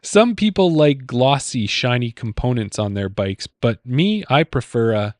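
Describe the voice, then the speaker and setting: A man hosts a podcast quiz, reading pun clues with a lively, bouncing pitch. He teases his co-host and chuckles at his own wordplay. The sound is dry and close to the mic. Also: measured pace, dry recording. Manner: teasing, repeats clues, laughs at his own puns. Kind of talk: playful podcast quiz banter.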